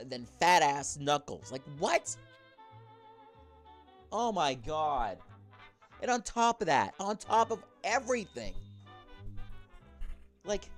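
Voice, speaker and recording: A man ranting into a camera at home, rambling with lots of fillers and swearing. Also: on the high side. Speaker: YouTuber in a clip. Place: indoors at home, talking to a camera.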